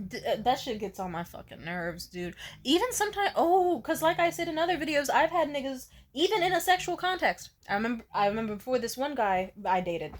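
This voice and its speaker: A woman's voice: high-pitched, animated, fairly quick. A young woman telling a story to camera in a blunt, profane, casual way, often laughing. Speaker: vlogger.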